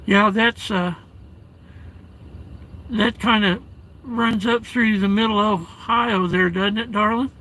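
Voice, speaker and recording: A man live streaming from his vehicle in a snowstorm, reading chat aloud and calling viewers darling and brother, with halting restarts. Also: sits high, fairly even intonation, pushed and bright, poor audio. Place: inside a parked vehicle at home during a blizzard.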